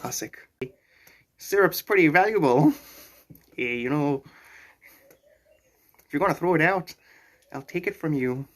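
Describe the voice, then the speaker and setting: A man's voice: fairly high pitch, measured pace, long pauses. A man in his forties with a South African accent, chatting casually and playfully with viewers on a live stream. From born in Zimbabwe, raised in South Africa. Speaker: livestreamer.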